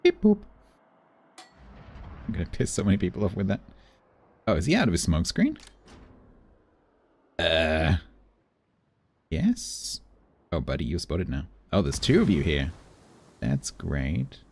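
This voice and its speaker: A man's voice: low voice, very animated, normal speed, long pauses, darkish tone, slightly rough. A man chatting casually while streaming a naval battle game, muttering and making playful noises. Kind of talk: live gameplay commentary.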